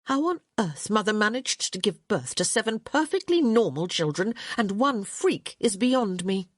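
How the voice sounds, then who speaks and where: A woman's voice: mid-range voice, big pitch swings, normal speed, no echo, clean studio sound, voice pushed up. A woman voicing a tart, impatient young lady who bickers with her brother in an audiobook. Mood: exasperated. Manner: tart and firm.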